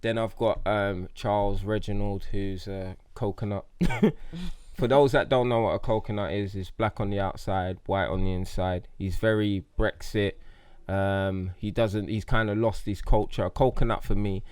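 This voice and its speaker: A man's voice: fairly low pitch, steady tone, normal speed, a little mellow, smooth, no echo. A man born in Africa and raised in Jamaica, a comedian chatting casually in an interview with loose, laughing storytelling. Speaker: comedian guest.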